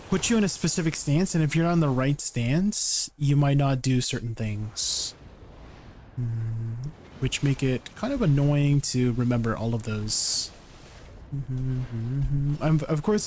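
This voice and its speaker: A man's voice: fairly high pitch, darkish tone, a little hiss or hum. A man streaming a game, chatting casually and answering questions from chat. He often ends his sentences with "right?". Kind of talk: casual livestream chat while gaming.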